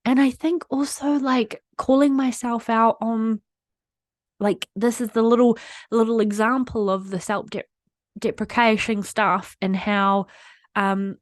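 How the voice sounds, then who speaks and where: Her voice on the high side and her intonation fairly even, a woman unhurriedly rambles through a candid monologue on her own podcast, opening up emotionally and using "like" a lot. The clean studio recording has no room sound.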